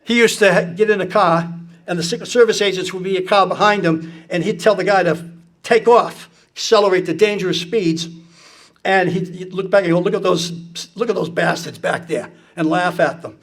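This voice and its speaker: A man with a notably high-pitched voice tells stories in a loose, conversational way. He is blunt and profane, and he throws himself into the quotes of the people in his stories. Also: brisk, fairly bright tone. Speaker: speaker recounting political anecdotes. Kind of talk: casual storytelling to an audience.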